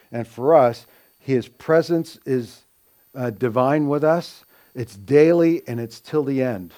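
Guy preaching a sermon, earnest teacher type, mid pitch, leans hard on the bible quotes. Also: dark tone. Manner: earnest teaching with frequent fillers and restarts, rising emphasis on quoted scripture. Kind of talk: expository sermon.

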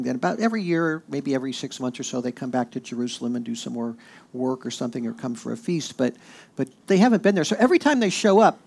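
A man preaching a sermon in a conversational, animated way. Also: medium pitch, vocal fry. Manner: conversational, with fillers and animated quoting. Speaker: pastor.

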